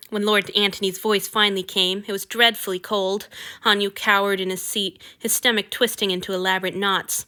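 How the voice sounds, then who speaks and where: A woman reads a fiction story aloud with expressive, lively narration. Her voice is bright and crisp. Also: mid-range voice, a little fast. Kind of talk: audiobook reading of fiction.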